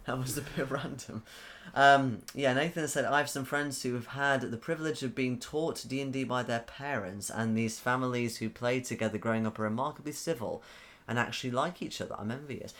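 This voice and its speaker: A man with a mid-range, fairly bright voice talks a little fast while co-hosting a casual tabletop gaming podcast as its game master. He rambles, corrects himself, often restarts sentences, and reads chat messages aloud.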